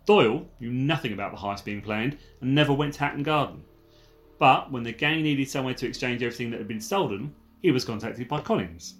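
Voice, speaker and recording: A man's voice: mid-range voice, fairly quick, soft background music. A man co-hosting a casual true-crime podcast, reading out details and dropping wry, jokey asides. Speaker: podcast co-host.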